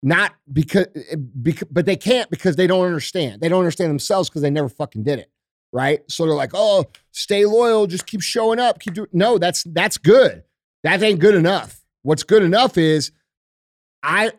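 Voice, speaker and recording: A man's voice: sits high, dry recording, clean studio sound. A middle-aged man on a podcast, talking in a blunt, emphatic, profanity-heavy rant. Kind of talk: casual podcast chat.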